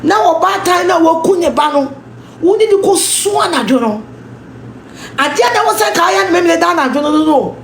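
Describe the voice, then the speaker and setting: A woman's voice: very high-pitched, animated, a little fast, roomy sound, slight background noise. A Ghanaian woman giving a scolding, emphatic rant, speaking English mixed with Twi and repeating her points. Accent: Ghanaian English, mixing in Twi. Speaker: commentator. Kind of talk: ranting social media commentary.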